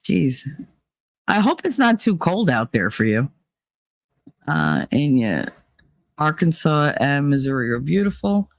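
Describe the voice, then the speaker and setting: A woman's voice: deep voice, big pitch swings, measured pace, pauses often, dry recording. Profane storytelling woman. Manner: profane, storytelling, mimics others in quotes. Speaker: livestreamer reading chat. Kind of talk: casual chat. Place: away from home, traveling.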